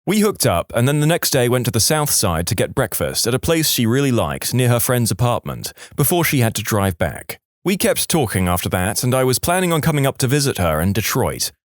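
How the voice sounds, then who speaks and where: A man narrating listener stories in a lively voice that rises and falls a lot. He is recorded close to the mic, with a dry sound and no room echo. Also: mid-range voice, a little fast, hardly any pauses. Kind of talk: scripted narration.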